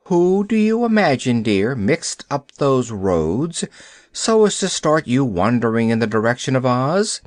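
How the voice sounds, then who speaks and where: A man voicing a gracious, merry young fairy princess who teases gently. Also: mid-range voice, big pitch swings, measured pace, dry recording, clean studio sound. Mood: teasing. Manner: teasing, gentle.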